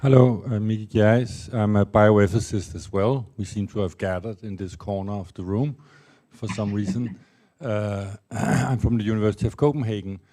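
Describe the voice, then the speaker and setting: A man in the audience at a conference, setting up a question in a measured, explanatory way. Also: fairly low pitch, steady tone, dark tone. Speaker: audience member asking a question.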